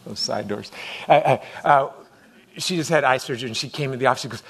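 A man's voice: medium pitch, quick pace, gravelly, slightly rough. A middle-aged man preaching a sermon as pastor, conversational and acting out voices as he goes. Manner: conversational, acts out voices with rising intensity.

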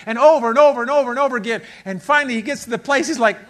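A male pastor delivers an emphatic sermon in a high, bright voice. He acts out the scripture and everyday scenes, dropping to a hush and then rising again. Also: racing, few pauses. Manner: emphatic, acts out quotes, swings from hushed to loud.

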